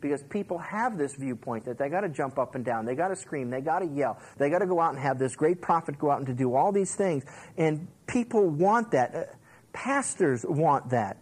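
A man's voice: fairly high pitch, normal speed, breathy edge, low-quality recording. A male pastor giving a sermon on a Bible book. He talks conversationally, leans on "you know", and acts out quotes as he tells stories. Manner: animated storytelling, acts out quotes and laughs along.

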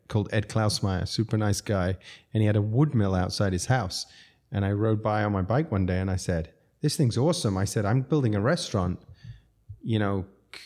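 With a warm tone and fairly low pitch, a restaurateur guest spins rambling stories in a relaxed, laughter-filled conversation. His accent is non-American English.

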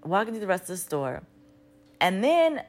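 A woman's voice: medium pitch, sing-song, normal speed. A woman in her thirties telling a story in a casual vlog, rambling with lots of "like" and restarts, and swearing freely. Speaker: vlogger.

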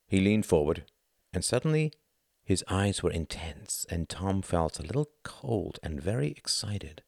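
A man narrating a novel in a calm, measured audiobook style. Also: sits low, creaky, dry recording, clean studio sound.

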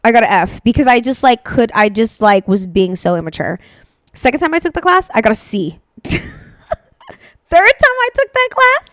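Animated chatty woman podcast coach. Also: a little high, no echo, clean studio sound. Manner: animated, chatty, many fillers and quick asides. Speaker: dance and mindset coach, podcast host. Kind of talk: casual podcast talk.

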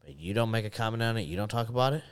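A young man holds the floor in relaxed podcast banter. His lowish voice swings up and down as he speeds through his story, swearing freely and breaking into laughs. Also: rapid-fire, clear, resonant tone. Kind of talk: casual chat, storytelling.

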